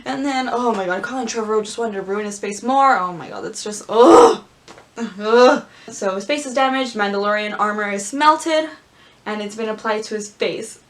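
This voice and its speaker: A woman vlogger reading aloud and chatting casually, gushing and squealing with excitement. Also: mid-range voice, brisk, slight background noise. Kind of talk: casual script-reading commentary.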